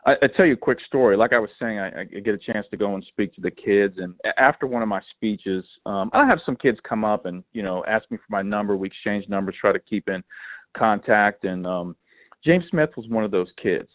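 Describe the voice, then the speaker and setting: A man hosting a casual sports podcast, telling stories in an animated, filler-heavy way. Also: fairly low pitch, brisk, dry recording. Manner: animated storyteller, lots of fillers. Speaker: podcast host. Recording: dry phone-like line.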